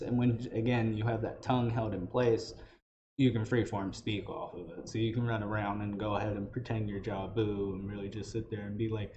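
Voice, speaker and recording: A man with a low, mellow voice talks through tips for a tabletop game in a relaxed, rambling way. The recording is dull and lo-fi, with a faint hiss underneath. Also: moderate pace. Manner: explanatory, loose phrasing with restarts. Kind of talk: casual tutorial talk. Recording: dull lo-fi audio with faint noise.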